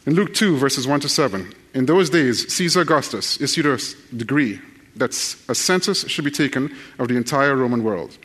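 A man's voice: mid-range voice, animated, moderate pace, a bit bright, breathy edge, long reverb tail. Folksy preacher man. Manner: folksy, joking, addresses the crowd directly. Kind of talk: sermon with fast scripture reading.

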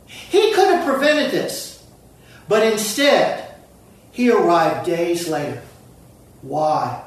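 Preacher, slow deliberate delivery, lively rising and falling pitch, very echoey room, distant mic. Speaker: pastor. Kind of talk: sermon.

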